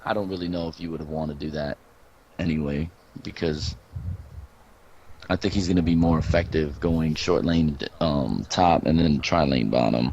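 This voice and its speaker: A man's voice: very deep voice, moderate pace, darkish tone. A man commentating an esports draft, confident and opinionated, talking in long run-on stretches. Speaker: game caster. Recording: dull, slightly lo-fi mic with faint background hum.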